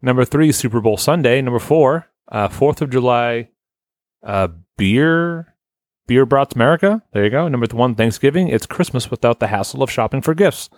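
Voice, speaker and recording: A man's voice: medium pitch, animated, normal speed, no room sound, studio quality. A man hosting a casual podcast, reading listener lists in a loose, rambling way and swearing offhand. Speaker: podcast host.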